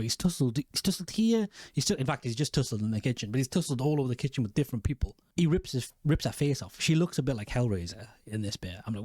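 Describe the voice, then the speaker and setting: A man's voice: mid-range voice, darkish tone, no room sound. A man talks through a show recap in a loose, rambling way, swearing freely and stopping to correct himself. His voice sits in a mid male register. It is recorded close and dry, with no room sound. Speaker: video host. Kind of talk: casual reaction commentary.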